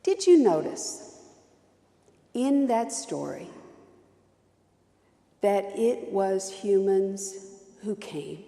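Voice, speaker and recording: A woman's voice: medium pitch, lively intonation, extremely slow, long pauses, dark tone, roomy sound, big-room sound. A woman pastor preaching a sermon, telling stories with strong emphasis and repetition.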